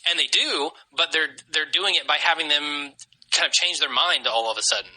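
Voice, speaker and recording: A man's voice: on the high side, normal speed, pushed and bright, low-quality recording. A man co-hosting a podcast in casual chat, speaking conversationally and chiming in with agreement. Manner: conversational, gives short agreeing responses. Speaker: podcast co-host.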